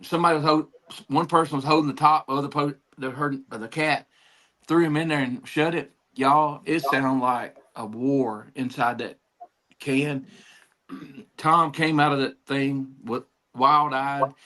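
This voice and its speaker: A man's voice: medium pitch, fairly even intonation, a little slow, sharp tone. A man telling a rambling childhood story in casual talk, addressing listeners.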